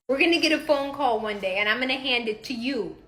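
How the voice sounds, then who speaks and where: Mom vlogger gal telling stories, bright voice, laughs a lot, swears casually. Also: female voice, high voice, animated, fast. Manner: chatty, profane, laughs often. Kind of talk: casual storytelling vlog.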